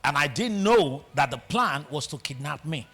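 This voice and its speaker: Animated Nigerian man telling a story. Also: a little high, normal speed, husky, faint music behind. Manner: storytelling, animated, swings between loud and hushed. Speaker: guest speaker. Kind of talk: motivational talk. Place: large auditorium.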